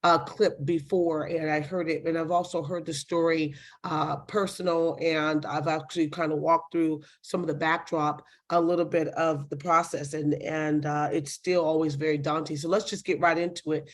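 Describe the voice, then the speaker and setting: A woman hosting and interviewing guests in an animated, chatty way. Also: deep voice, moderate pace, few pauses. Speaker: host.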